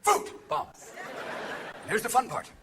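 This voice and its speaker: A man's voice: extremely high pitch, huge pitch swings, creaky. Manic man doing stand-up before a laughing crowd. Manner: manic rapid-fire impressions and shouting. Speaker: stand-up comedian. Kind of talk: live stand-up set. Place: theater stage before a crowd. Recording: live audience laughter and noise.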